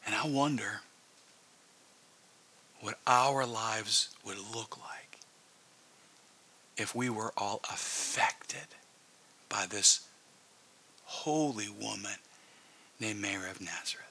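Earnest pastor with husky, bright voice. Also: male voice, on the low side, slow, pauses often. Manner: earnest, conversational preaching with sudden hushed whispers. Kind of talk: sermon.

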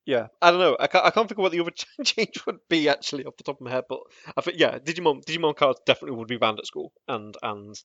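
A man's voice: a little high, animated, very fast, hardly any pauses, fairly bright tone, dry recording. Male podcast co-host, casual and rambling, full of fillers; dull, dry home recording. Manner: rambling, lots of fillers and restarts, laughs often. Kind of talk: casual chat.

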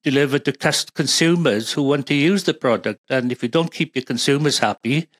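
A man's voice: medium pitch, a little fast, dry recording. Welsh man, rambling expert guest. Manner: rambling, with many fillers and restarts. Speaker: guest, pharma supply chain expert. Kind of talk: conversational interview.

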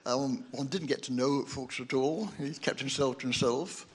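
An older man in the audience introduces himself and shares memories in a halting, hesitant way. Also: mid-range voice, steady tone, breathy edge. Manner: hesitant, halting, with many restarts. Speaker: audience member asking a question.

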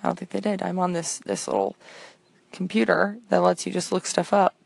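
A woman's voice: fairly low pitch, steady tone, fairly quick, gravelly, a little mellow, breathy edge, dry recording. A young woman hosting a show, rambling through a comic voicemail in a chatty, self-deprecating way. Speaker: podcast host.

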